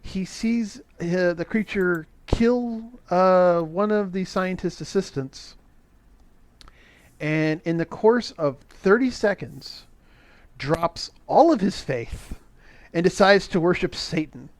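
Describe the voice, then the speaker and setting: A middle-aged man casually recapping an old movie on a podcast, sarcastic and profane, with animated asides. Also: sits high, slow pace, no echo. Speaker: podcast co-host recapping a film. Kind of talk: casual chat.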